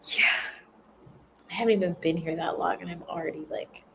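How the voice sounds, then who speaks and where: A woman's voice: lowish voice, steady tone, a little fast, creaky, a little hiss or hum, poor audio. A woman chatting casually and rambling on a livestream, laughing often as she tells stories. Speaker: spiritual content creator.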